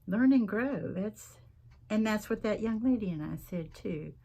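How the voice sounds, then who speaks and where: A woman's voice: medium pitch, lively intonation, measured pace, creaky, warm tone, husky. A middle-aged woman, chatting folksily to viewers as she crafts at home and rambling between stories. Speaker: craft vlogger.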